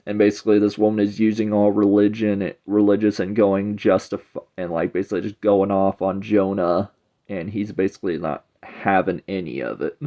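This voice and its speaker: A man's voice: on the low side, flat delivery, moderate pace. A man giving a casual spoken review of a comic book, loose and rambling, leaning on "it's like" between thoughts. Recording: dull lo-fi recording.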